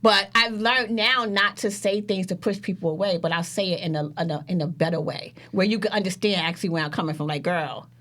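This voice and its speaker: A woman's voice: mid-range voice, fast talker, hardly any pauses, fairly bright tone. A woman co-hosting a podcast in casual chat, blunt and swearing freely as she acts out what she said to friends. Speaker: podcast co-host.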